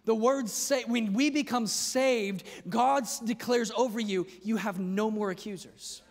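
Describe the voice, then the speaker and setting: A male pastor preaching a sermon with impassioned delivery, at times rising to a shout. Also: high-pitched, unhurried. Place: large church hall. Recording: long reverb of a large church hall.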